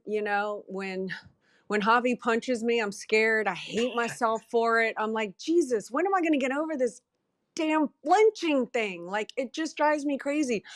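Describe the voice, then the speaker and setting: A woman guest talking candidly and emphatically about fear, in a self-deprecating, animated way, on an online group call. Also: a little high, no echo, clean studio sound. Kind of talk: candid motivational talk.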